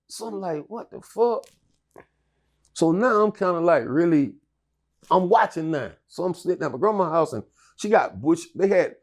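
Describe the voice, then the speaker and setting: A man's voice: a little high, darkish tone. A middle-aged man telling his life story in an interview, profane and rambling with many restarts. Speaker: interview guest.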